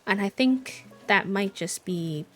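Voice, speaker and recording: A woman's voice: medium pitch, animated, slow pace, fairly bright tone, soft background music. A young woman with a Midwestern American accent, chatting casually as a streamer while playing and reading chat. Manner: chatty, thinking aloud.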